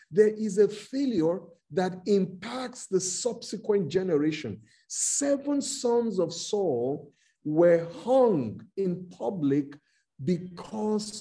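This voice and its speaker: A man with a Nigerian accent preaching a sermon, slow and emphatic, with dramatic retellings. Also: high voice, warm tone.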